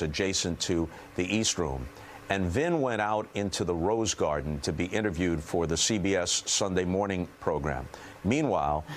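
Brief: male veteran broadcaster, low voice, anecdotal storytelling, faint background noise. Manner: warm storytelling that turns emotional. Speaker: veteran sportscaster telling a story. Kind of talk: recorded anecdote.

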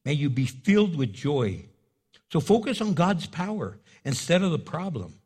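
A middle-aged male pastor preaching an animated sermon, acting out quoted voices as he goes. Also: on the high side, moderate pace, breathy edge.

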